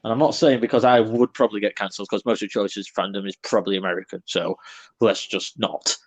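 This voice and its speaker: A man's voice: fairly low pitch, steady tone, a little fast. A British man co-hosting a casual online podcast, talking bluntly and rambling with British slang. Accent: British English. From Britain. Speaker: podcast co-host. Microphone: online call.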